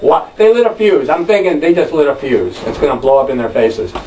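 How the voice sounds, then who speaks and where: A man performing a rambling, wry storytelling monologue on stage, breaking into loud shouted chants. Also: a little high, very animated, brisk, a little hiss or hum. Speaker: spoken word performer. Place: club stage with audience. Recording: echoey room from a distant mic.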